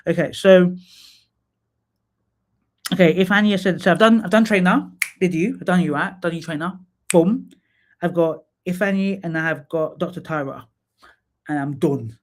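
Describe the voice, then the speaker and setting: A man hosts a casual live stream, talking straight to his viewers and giving frank feedback. His voice sits a touch higher than most men's. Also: moderate pace, long pauses. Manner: chatty, candid, talks to viewers by name; drops into sung snatches and playful asides. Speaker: live stream host reviewing profiles.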